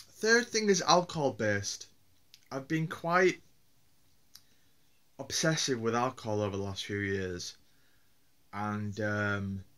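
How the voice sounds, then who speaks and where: Bright-voiced Yorkshire man vlogging. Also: mid-range voice. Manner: rambling, hesitant, lots of fillers and restarts. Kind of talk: casual solo vlog.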